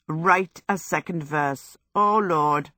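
A woman's voice: low voice, slow pace, sharp tone, no room sound, clean studio sound, heavily acted. A woman voicing a vain, theatrical young male wizard in an audiobook, speaking with dramatic exasperation. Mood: exasperated.

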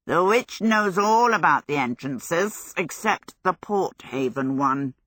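A woman's voice: on the low side, expressive, takes it slowly, a bit bright, dry recording, clean studio sound, heavily acted. A woman reading aloud, voicing a sly male fire demon who hisses his warnings in a storybook. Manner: hissing.

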